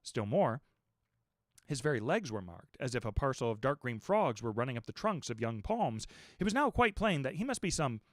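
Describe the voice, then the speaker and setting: A man narrates a classic novel with expressive, animated storytelling. His voice sits at a middle pitch but swings up and down with life, and the recording sounds dry and close. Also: no room sound. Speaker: audiobook narrator. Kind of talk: dramatic reading of a classic novel.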